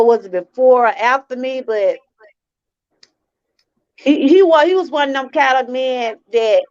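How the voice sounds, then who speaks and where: A woman from Georgia with a high-sitting voice hosts a live-stream testimony talk on her channel, speaking straight to her viewers. She is earnest and repeats herself. The audio sounds dull.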